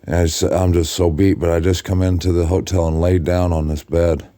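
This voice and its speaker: Drained, deep-voiced man talking from bed. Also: level tone, moderate pace, dark tone, dry recording, studio quality. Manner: rambling, with restarts and self-corrections. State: exhausted and drained. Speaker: video blogger addressing his followers. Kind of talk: casual late-night talk to camera. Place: hotel room, lying in bed.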